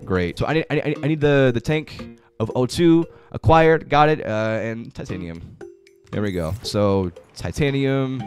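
Excitable young male gaming streamer. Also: mid-range voice, a little slow, faint music behind. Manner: excitable, swings between mumbling and shouting. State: tired. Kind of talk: live-streamed gameplay commentary.

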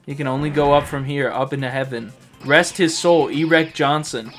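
A man's voice: on the high side, fairly even intonation, moderate pace, faint music behind. Rambling, foul-mouthed gamer man. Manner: rambling, profane. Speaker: co-host. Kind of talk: crude comedic gaming commentary.

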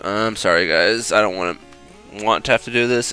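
A man's voice: fairly low pitch, moderate pace, bright, forceful tone, clear, resonant tone, dry recording, faint music behind. A young man doing gameplay commentary, swearing and groaning whenever the game turns against him. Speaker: let's play commentator.

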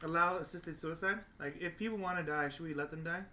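Male podcast co-host, high and very bright voice, blunt and playful. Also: quick pace, a little hiss or hum. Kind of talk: casual chat.

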